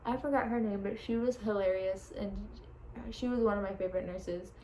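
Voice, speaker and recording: A woman's voice: medium pitch, steady tone, fairly quick, dark tone, poor audio. A young woman casually telling a personal story, chatty, laughing often and swearing freely. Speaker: vlogger. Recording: faint background noise.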